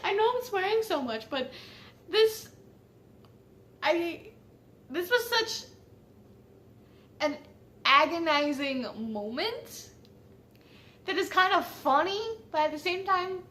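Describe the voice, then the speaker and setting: A woman's voice: sits high, lively intonation, slow pace, pauses often, bright, forceful tone. A woman casually telling a personal story, chatty and swearing freely, laughing at how silly it was.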